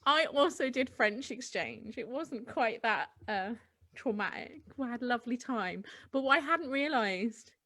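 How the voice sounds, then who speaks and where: A young woman, a podcast co-host, chatting casually and teasing with quick jokes. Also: on the high side, lively intonation, bright, forceful tone. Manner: teasing, giggly interjections. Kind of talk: casual chat.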